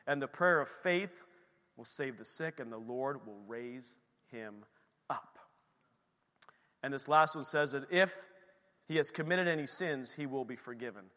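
A middle-aged man preaching a sermon as pastor, swinging between loud emphatic lines and hushed storytelling. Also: medium pitch, a little slow, long pauses. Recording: long hall reverb.

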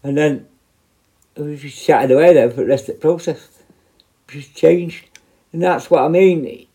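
Middle-aged bloke, prison officer, swears constantly, dark mellow tone, tells it blunt. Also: male voice, fairly high pitch, a little slow. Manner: blunt, heavy swearing, animated retelling. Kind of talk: casual storytelling monologue.

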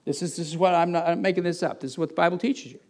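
A man's voice: fairly high pitch, fairly even intonation, racing, darkish tone. A middle-aged male pastor preaching a conversational sermon, with frequent restarts and asides to the congregation.

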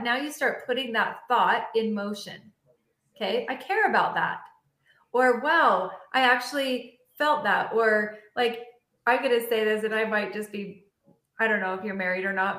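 A woman hosts an interview and tells animated stories, slipping into the voices of the people in them. Her voice sits a little high. The room around her is echoey. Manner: animated storyteller acting out dialogue. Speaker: podcast host. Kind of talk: casual interview chat.

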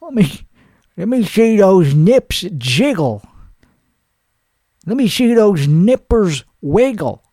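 A man's voice: high voice, darkish tone, no echo, studio quality. A man playing a crude, boastful podcast persona who rambles through an improvised comedy monologue with many restarts. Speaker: podcast host.

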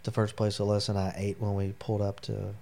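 A man's voice: fairly low pitch, monotone, fast, vocal fry, dark tone, slight background noise. A middle-aged man, a military veteran, telling personal stories as an interview guest in a rambling, heartfelt way with many fillers. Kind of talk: personal storytelling in a long interview.

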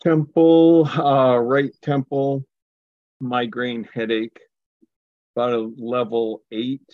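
Slow, formal man, muffled dry sound. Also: lowish voice, no echo. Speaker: caller. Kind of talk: live call-in participant.

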